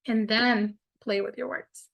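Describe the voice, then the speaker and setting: A woman's voice: on the high side, fairly even intonation, measured pace, creaky, fairly bright tone, highs cut off. Upbeat woman coaching a group. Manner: upbeat, encouraging, says "like" and "y'all" often. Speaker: business coach hosting a group call. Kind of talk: casual coaching group chat.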